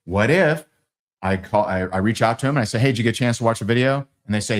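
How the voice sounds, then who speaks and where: A man leading a live sales training, acting out both sides of sales calls in lively quoted dialogue. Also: medium pitch, fast talker.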